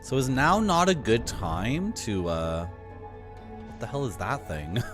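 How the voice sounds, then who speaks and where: A man giving live commentary while playing a video game, chatty and quick to laugh, with sudden excited outbursts. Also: medium pitch. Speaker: game streamer. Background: game music.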